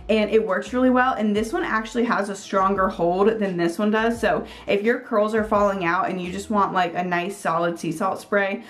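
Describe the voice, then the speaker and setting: A woman talks through her favorite hair products in a casual, chatty vlog, scattering "like" and "um" through her sentences. Her pitch sits in an everyday middle range. She sounds upbeat and gushes now and then. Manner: chatty, filler-heavy with frequent "like" and "um"; upbeat, gushing. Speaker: beauty vlogger.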